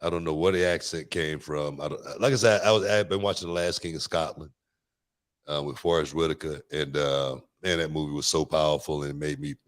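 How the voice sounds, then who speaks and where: A man's voice: a bass voice, fairly even intonation, fairly quick. A man from Houston hosting a casual show, telling wrestling stories in a rambling way, full of fillers and laughter. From Houston, USA. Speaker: podcast host, former wrestler. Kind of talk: casual chat.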